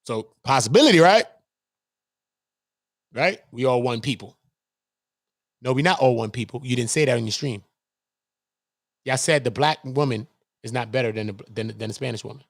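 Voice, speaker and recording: A man hosting his own channel delivers a heated livestream rant, confrontational and profane, throwing out rhetorical questions. His mid-range voice moves at a normal speed with frequent pauses, recorded in studio quality with no echo.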